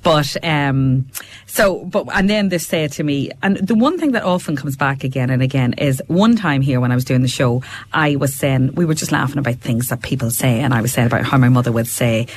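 Her voice is extremely low-pitched, fairly quick, and slightly rough. This middle-aged Fermanagh woman, a studio radio guest from Northern Ireland, chats casually in her local accent, sharing family stories with frequent laughter.

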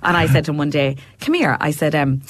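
A deep, steady, fast voice belongs to a middle-aged woman from Fermanagh in Northern Ireland, who speaks with a Fermanagh accent. As a radio guest in the studio, she keeps things casual, recounting family stories and laughing a lot.

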